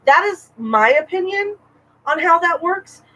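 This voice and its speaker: A woman co-hosting a casual podcast chat, talking in an animated, rambling way with frequent restarts. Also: very high voice, a little slow, rough recording. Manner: chatty, animated, self-interrupting with restarts. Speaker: podcast co-host.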